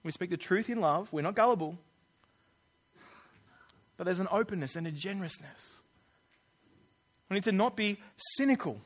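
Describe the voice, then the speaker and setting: Earnest man preaching, fairly high voice. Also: expressive, moderate pace, long pauses. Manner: earnest, conversational, acts out quoted voices. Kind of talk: sermon.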